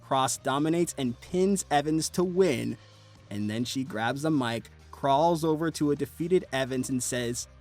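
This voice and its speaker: A man narrates a wrestling video in a brisk, animated, scripted style. His pitch sits mid-range, and soft music plays faintly underneath.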